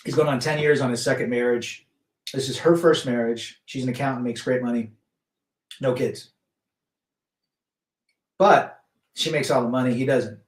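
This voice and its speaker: A man's voice: medium pitch, steady tone, normal speed, pauses often, reverberant. A man hosting a casual live stream, chatting loosely and reading viewer comments aloud, with frequent restarts. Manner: rambling, many restarts, reads chat aloud.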